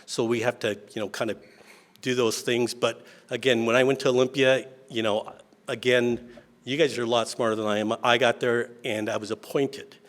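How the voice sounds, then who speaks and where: A middle-aged man from Washington State speaks off the cuff at an event in a mid-pitched voice. He tells homespun, self-deprecating stories and keeps restarting his sentences. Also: fairly even intonation, normal speed. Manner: folksy, self-deprecating storytelling with many restarts. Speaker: state legislator giving remarks. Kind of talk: informal speech at an event.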